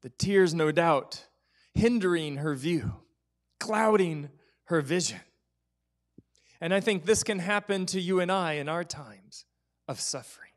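A man preaching a sermon as pastor in a church, telling stories and dropping to whispers for effect. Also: a little high. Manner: storytelling, acts out quoted voices, drops to whispers.

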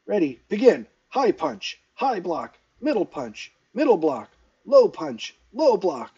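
A man's voice: high-pitched, sing-song, slow, mellow, slightly rough, pitched above the performer's own voice, exaggerated voice. A grinning, hearty male combat instructor, as a man puts him on for a storybook reading, barking out drills in a raised, jovial voice. The recording is dull and lo-fi. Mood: teasing. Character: cheerful, teasing male martial-arts teacher.

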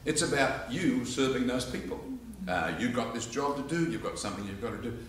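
An Australian man teaching public speaking to a live audience, telling stories and acting out quotes in an animated way. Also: medium pitch, brisk, slight background noise. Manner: animated storyteller, acts out quotes and laughs along. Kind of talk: informal lecture with demonstrations. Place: church hall with live audience. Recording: echoey hall from far off.

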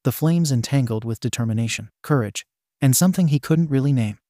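Male narrator for read-aloud fan fiction, steady delivery, mid-range voice. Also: mid-range voice, fairly quick, no echo, clean studio sound.

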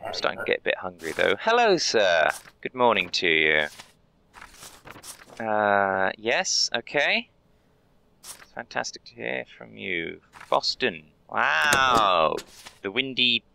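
A young man talks through a game as a polite, relentlessly cheerful border inspector, chatting to characters and muttering asides. His voice is bright and edged with gravelly fry, and his pitch swings widely as he talks. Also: a little hiss or hum. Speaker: gamer playing a border inspector. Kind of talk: role-play let's play commentary.

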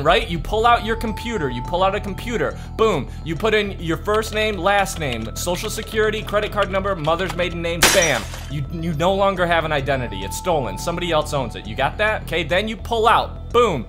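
A man's voice: a little high, expressive, brisk, few pauses, music in the background. A man hosting a rowdy game with friends, explaining the rules in bossy game-show patter and laughing often. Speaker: host running a game. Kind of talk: rowdy gaming banter.

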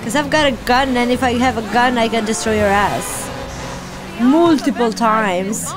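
A woman giving casual let's-play commentary, excitable and cheering on or scolding her character. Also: on the high side, normal speed, over music. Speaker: gaming channel host.

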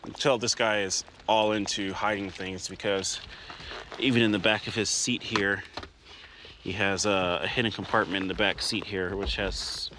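A man's voice: fairly low pitch, steady tone, moderate pace, bright, forceful tone. A man working as a sheriff's deputy, firm and matter-of-fact, explaining a traffic stop to the camera. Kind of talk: on-scene police commentary. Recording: music underscore behind.

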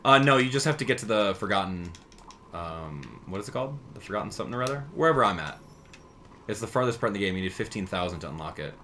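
A man's voice: fairly low pitch, expressive, pushed and bright, slight background noise. A young man streaming a video game, teasing his chat and commenting casually as he plays. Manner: joking, teasing chat, quick mood swings. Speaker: gaming streamer.

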